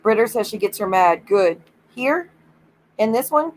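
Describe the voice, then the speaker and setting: A woman's voice: fairly high pitch, lively intonation, measured pace, poor audio. Gossipy woman livestreamer, laughing often. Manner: gossipy storytelling, acts out quoted lines, swears freely; giggly, breaks into laughter. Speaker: livestream host. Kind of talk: casual chat.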